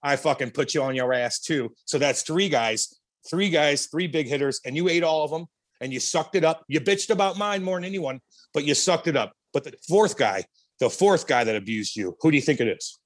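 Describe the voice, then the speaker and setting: A man's voice: on the high side, expressive, fairly quick. A man co-hosting a podcast, teasing his partner in brash, profane casual chat. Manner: brash, teasing, swears freely. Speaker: podcast co-host.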